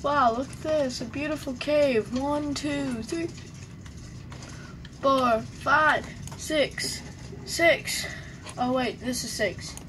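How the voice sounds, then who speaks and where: A woman's voice: sits high, slow pace, pauses often, background noise. A young woman giving casual, rambling gameplay commentary, joking and talking to herself while she plays. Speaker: gamer.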